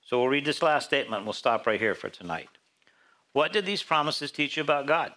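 Bright clear-voiced pastor guy chatting through bible verses, asks the room questions. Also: mid-range voice, animated, fairly quick. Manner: conversational, asks the congregation questions. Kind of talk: interactive Bible study sermon.

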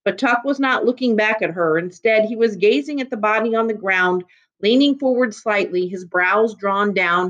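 A woman reading a novel chapter aloud in a measured, steady storytelling manner. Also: medium pitch, dull audio. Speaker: reader.

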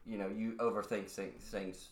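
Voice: low voice, level tone, normal speed, echoey room. A podcast host chatting casually, rambling and restarting stories. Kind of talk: casual chat.

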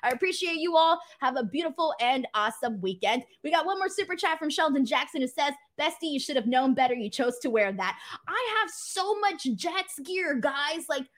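A woman's voice: high voice, animated, normal speed, hardly any pauses, a bit bright. A woman hosting a live stream from home, chatting casually and animatedly while reading viewer messages, laughing often. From Los Angeles-based, lives in L.A. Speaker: wrestling show host. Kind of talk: live stream chat reading super chats.

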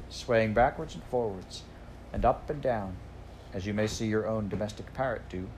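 A man's voice: on the low side, darkish tone, slight background noise. Man reading a storybook aloud. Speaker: audiobook reader. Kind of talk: storybook narration.

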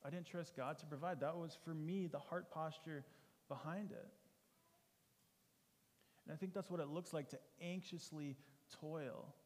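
A man's voice: fairly high pitch, fairly even intonation, unhurried, pauses often. A male pastor preaching a sermon in an earnest, conversational way, often asking rhetorical questions. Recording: long hall reverb.

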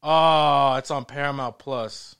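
A young man hosting a casual podcast chat, animated and laughing often as he acts out movie scenes. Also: mid-range voice, takes it slowly, creaky, smooth, no echo. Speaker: podcast host. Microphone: podcast microphone.

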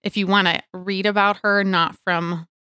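A woman's voice: mid-range voice, little pitch movement, normal speed, bright, forceful tone, smooth, dry recording, clean studio sound. A young adult woman hosting a casual faith podcast, talking in an earnest, chatty way with many fillers. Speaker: podcast host.

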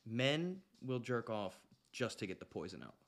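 A man's voice: mid-range voice, very animated, moderate pace. A man with a Canadian accent co-hosting a podcast, joking, teasing and swearing in casual chat. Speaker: podcast co-host.

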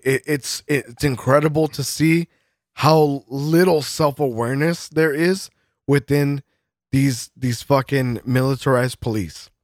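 A man with a fairly high voice fires off an angry, profanity-laden rant on the podcast he co-hosts, laughing often. The clean studio recording is dry.

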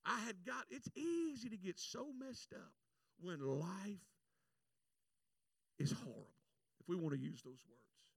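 Man, preacher, sermon, high gravelly voice, animated, heard from a distance. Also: a little slow, long pauses, no echo. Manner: animated, shouts acted prayers. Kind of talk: sermon with personal story.

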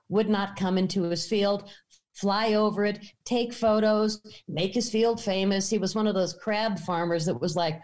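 Animated American woman telling a story. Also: medium pitch. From United States. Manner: animated, acts out quotes. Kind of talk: personal storytelling.

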